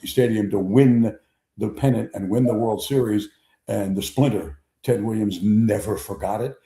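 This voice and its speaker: An older man hosts a sports show, telling long anecdotes with a lowish, mellow voice. He acts out the quotes as he goes. The sound is roomy and echoey. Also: normal speed. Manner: animated raconteur, acts out quotes. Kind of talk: casual sports storytelling. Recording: echoey room.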